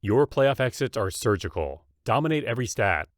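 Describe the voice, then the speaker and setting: A man narrating a scripted comedy roast in a mocking, punchy deadpan. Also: mid-range voice, normal speed, no echo, studio quality.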